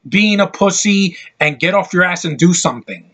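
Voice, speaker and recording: Husky man in an angry movie rant. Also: high voice, animated, normal speed, hardly any pauses, fairly bright tone. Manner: heated, profane, blunt ranting. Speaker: online movie reviewer.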